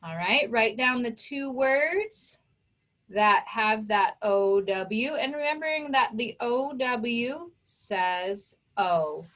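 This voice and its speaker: Slow, patient woman teaching phonics. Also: a little high, animated, a bit bright. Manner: slow, patient, sounds out words. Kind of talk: phonics lesson for children.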